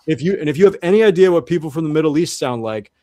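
A man's voice: fairly high pitch, animated, very fast, dark tone, no room sound, clean studio sound. A man speaking as a guest in an interview, earnestly laying out an argument step by step with frequent restarts. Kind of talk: conversational interview explanation.

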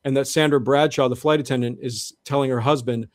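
A guest in a conversational interview explains something at length, earnestly building his argument step by step and often restarting. His voice is medium-pitched and a little fast, recorded dry.

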